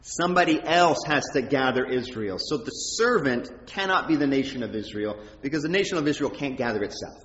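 A man preaching a sermon in a conversational, animated way, his voice rising high when he quotes prayers. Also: a little fast, hardly any pauses. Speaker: pastor. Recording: echoey hall, dull sound.

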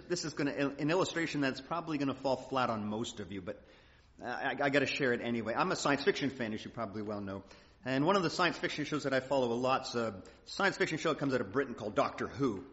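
A man's voice: a little high, a bit bright. A man preaching a conversational sermon, folksy and earnest, now and then acting out quotes. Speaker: pastor. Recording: muffled hall recording.

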